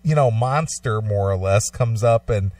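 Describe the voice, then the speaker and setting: A man's voice: lowish voice, unhurried, a little mellow, no room sound, far from the mic. Rambling male radio host, off-mic. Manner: rambling storyteller, laughs often. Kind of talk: casual banter on live radio.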